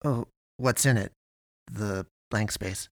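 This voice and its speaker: Male narrator as a nervous young man, questions leaping up, gravelly edge. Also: lowish voice, slow pace, no echo, clean studio sound. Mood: bewildered. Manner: rising, incredulous questions. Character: bewildered, anxious young man lost after death.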